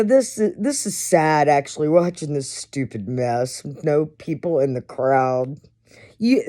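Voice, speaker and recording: A woman's voice: lowish voice, dark tone. A middle-aged woman telling stories in a casual monologue, laughing often and swearing freely. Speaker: host.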